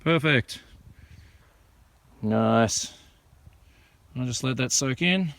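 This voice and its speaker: A man talks his viewers through his outdoor work in an easygoing, chatty vlog style. His voice is smooth and clear, recorded dry and close, and sits at an ordinary middle pitch. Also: drawn-out words, no room sound. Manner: relaxed, chatty explaining while working outdoors. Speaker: vlogger planting trees. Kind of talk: casual show-and-tell vlog. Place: outdoors on hilly rural land.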